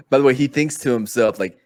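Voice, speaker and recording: A man's voice: medium pitch, normal speed. A man playing a tabletop game, joking around and trying out an accent for his character. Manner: jokey, animated, attempts a put-on accent. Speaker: player. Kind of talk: casual tabletop game play.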